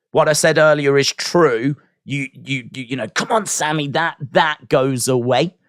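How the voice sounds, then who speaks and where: A man's voice: mid-range voice, a bit bright, clear, resonant tone, no room sound, clean studio sound. A man hosting a wrestling watch-along live stream, rambling casually with restarts and fillers.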